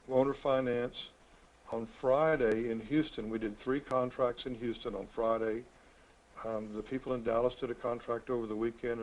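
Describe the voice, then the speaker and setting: A man hosts an online real estate coaching call, talking in a folksy, rambling, chatty way. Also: medium pitch. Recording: tinny phone-like web call audio.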